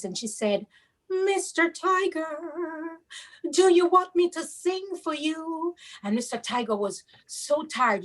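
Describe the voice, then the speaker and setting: A woman with a Caribbean accent telling a children's story, animated and sing-song, stopping to explain local words. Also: medium pitch, husky, rough recording.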